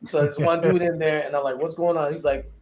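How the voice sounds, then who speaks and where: A man's voice: on the high side, fairly even intonation, fairly quick, a little mellow. A man co-hosting a podcast, telling a funny jail story and mimicking the people in it. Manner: laughing, mimics voices in anecdotes. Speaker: podcast co-host, former corrections officer. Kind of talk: casual storytelling chat.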